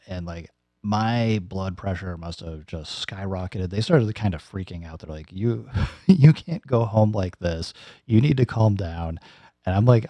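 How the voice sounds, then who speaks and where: A man with a lowish, mellow voice tells a rambling personal story with lots of fillers and restarts. He speaks close to the mic in a dry, dead room with no echo. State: recovering from nose and throat surgery. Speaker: YouTuber giving a personal update. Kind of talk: casual storytelling vlog.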